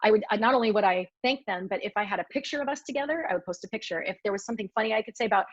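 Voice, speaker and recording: Woman telling how her campaign went, earnest and animated, kinda muffled dry audio. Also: mid-range voice, very fast, hardly any pauses, no room sound. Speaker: series co-creator. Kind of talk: sharing experience in a class.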